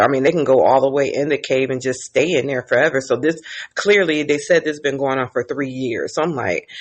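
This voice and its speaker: A woman casually recapping TV episodes, chatty and profane, laughing as she tells the story. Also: low-pitched. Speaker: TV recap vlogger.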